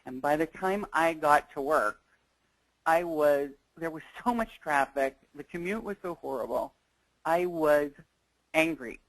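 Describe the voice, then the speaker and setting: A woman's voice: sits low, measured pace, dry recording, rough recording. A woman presenting a negotiation skills webinar, talking in a conversational, earnest way and weaving in personal stories. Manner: conversational and earnest, thinking aloud.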